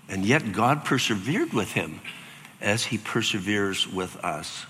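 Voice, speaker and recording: An older man preaching a sermon as pastor, animated and acting out voices with sudden jumps in pitch. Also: a little slow, in a large hall.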